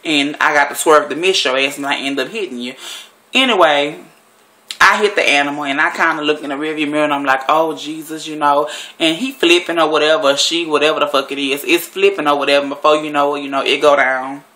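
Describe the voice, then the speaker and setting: A woman's voice: low voice, fast, pushed and bright. A woman vlogger telling a story in a blunt, profane and rambling way, sitting at home. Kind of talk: casual storytelling monologue.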